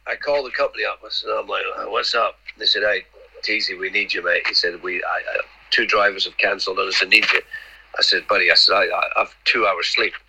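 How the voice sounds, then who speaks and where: A man's voice: on the low side, steady tone, quick pace, creaky, bright, forceful tone, a little hiss or hum, poor audio. A middle-aged man, a podcast guest rambling through anecdotes, repeating words and acting out the dialogue. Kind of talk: casual anecdotal storytelling.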